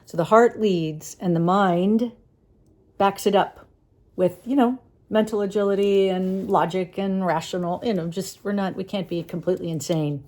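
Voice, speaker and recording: A woman musing aloud in a reflective vlog monologue, hesitant, with many pauses and fillers. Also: mid-range voice, steady tone, darkish tone. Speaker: vlogger.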